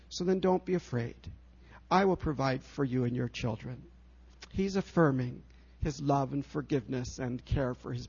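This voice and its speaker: A man preaching a sermon as pastor, earnest and emphatic, slowing down to stress key phrases. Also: mid-range voice, gravelly, dark tone, breathy edge, dull audio.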